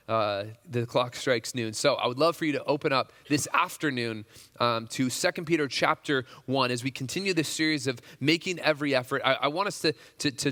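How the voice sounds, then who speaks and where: A male pastor speaks to a roomful of men with a bright, forceful voice and a loose, conversational delivery, stumbling through restarts and fillers as he warms up. His voice carries a long reverb from the large hall. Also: mid-range voice. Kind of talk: casual sermon.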